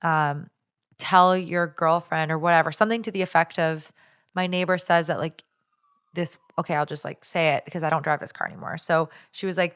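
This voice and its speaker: A young woman co-hosting a podcast, telling a story in animated casual chat, full of fillers and restarts. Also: sits low, normal speed, clear, resonant tone. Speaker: podcast co-host.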